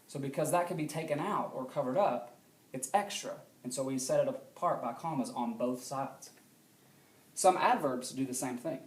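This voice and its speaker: A man with a medium-pitched voice explains grammar steadily in a recorded classroom lesson. He regularly checks comprehension with short questions, and the room is reverberant.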